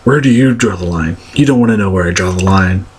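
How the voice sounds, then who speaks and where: A man's voice: sits low, fast talker, slight background noise. A young man ranting casually to his viewers, blunt and profane, rambling with many fillers. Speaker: vlogger. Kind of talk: casual rant to camera.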